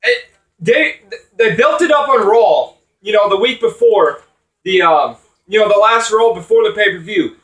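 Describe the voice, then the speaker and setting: A man's voice: high voice, expressive, moderate pace, a bit bright, roomy sound, distant mic. A man ranting angrily about wrestling, swearing often and rambling with restarts. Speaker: wrestling commentator vlogger. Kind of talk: angry profane rant.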